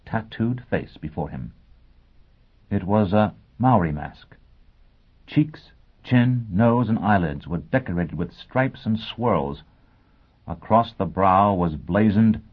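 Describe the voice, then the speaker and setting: A man narrating an audiobook in a measured, dramatic reading. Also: low-pitched, lively intonation, slightly rough. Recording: tinny phone-like sound.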